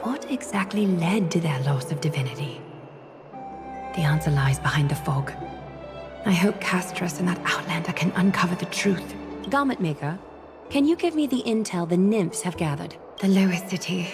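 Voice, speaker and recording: An actress playing a calm, composed woman guardian of a city in a video game, at times breathy and hushed. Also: lowish voice, moderate pace. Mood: hushed, pensive. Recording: game audio with music underneath.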